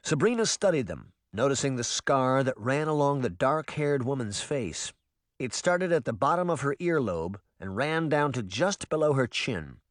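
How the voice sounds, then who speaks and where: A man narrating a children's fantasy audiobook with an expressive, lively reading on a close studio mic. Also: mid-range voice, moderate pace, dry recording. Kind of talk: scripted storybook narration.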